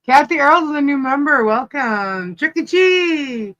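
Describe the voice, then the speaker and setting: A woman co-hosting a live stream, slowly greeting viewers one by one by name and laughing often. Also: high-pitched, lively intonation, fairly bright tone, dull audio. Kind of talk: casual live-stream chat.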